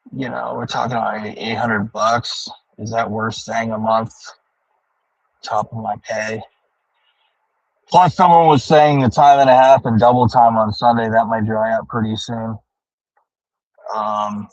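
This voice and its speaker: Driving home, a man livestreams from his car and rambles to his chat, ranting and cursing heavily as he thinks out loud. His voice sits in the mid range, and the recording quality is low. It comes across as a loose, casual monologue.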